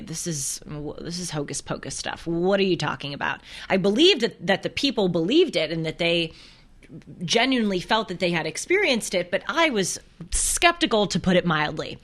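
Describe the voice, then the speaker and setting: A young woman with a lowish, slightly bright voice hosts a casual faith talk on camera. She tells stories earnestly, with small restarts here and there. The camera is close to her.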